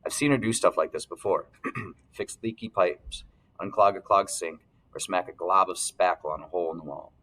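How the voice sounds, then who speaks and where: A man reading a first-person novel aloud as narrator, steady, clearing his throat now and then. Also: sits low, moderate pace, low-quality recording. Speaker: audiobook narrator.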